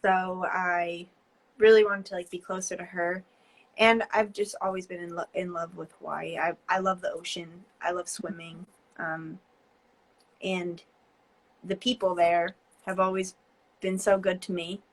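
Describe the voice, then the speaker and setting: A rough recording captures a New Jersey woman in her twenties, accent intact, speaking with a lowish voice and level tone. As a guest artist on a video call, she chats casually, hesitating, rambling, and dropping many fillers and quick laughs.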